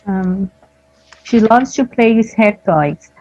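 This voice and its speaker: Very slow, halting woman English learner. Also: medium pitch, mellow, no echo, muffled recording, faint music behind. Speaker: adult student. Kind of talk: reading and answering in class.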